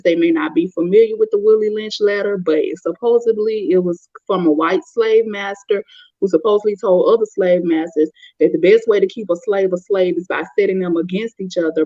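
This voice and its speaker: A woman's voice: on the low side, dark tone, no echo. A woman with a Southern US accent, giving blunt, opinionated commentary on a panel. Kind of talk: casual commentary. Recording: dull, dry lo-fi audio.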